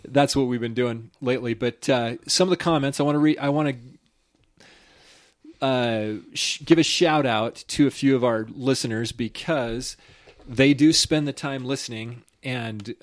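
A man's voice: medium pitch, moderate pace, dry recording, studio quality. Chatty, opinionated male podcast host. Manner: chatty, opinionated, laughs easily. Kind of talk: casual chat.

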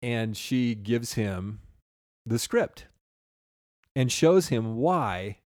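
A man's voice: medium pitch, animated, very slow, darkish tone, no room sound, clean studio sound. A man co-hosting a casual film discussion, chatty, filling in names and quoting lines with a chuckle. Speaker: podcast co-host.

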